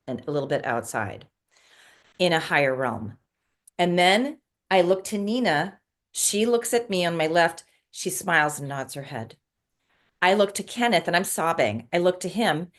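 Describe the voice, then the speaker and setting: In a casual conversation, a middle-aged woman with a voice on the low side earnestly and emotionally recounts a spiritual dream, restarting her sentences many times.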